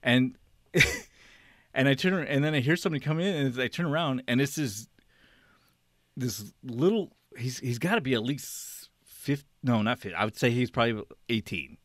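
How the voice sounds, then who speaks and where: Male podcast host, casual storyteller, rambling and animated, mid-range voice, dry sound. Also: mid-range voice, normal speed, no echo. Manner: rambling, animated, acts out quotes, laughs often.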